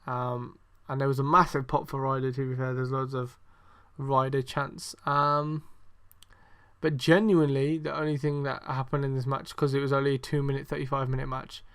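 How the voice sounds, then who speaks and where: A man's voice: mid-range voice, level tone, moderate pace, fairly bright tone, clear, resonant tone. A young man hosting a podcast, reviewing wrestling in a rambling, sarcastic way, full of swearing and ums. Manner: exasperated, sarcastic. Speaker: podcast host. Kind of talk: casual wrestling review chat.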